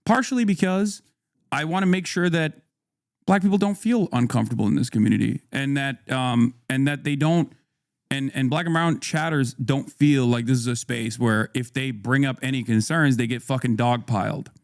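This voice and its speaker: Man, live streamer, mid pitch, dry close mic, casual and profane, argues with chat. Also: normal speed, dry recording. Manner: profane, conversational, reads chat aloud and rebuts it. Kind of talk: casual livestream talk to chat.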